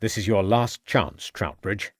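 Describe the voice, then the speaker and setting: A man's voice: lowish voice, unhurried, breathy edge, no room sound, studio quality. A man voicing a stern police inspector who questions firmly and with threats.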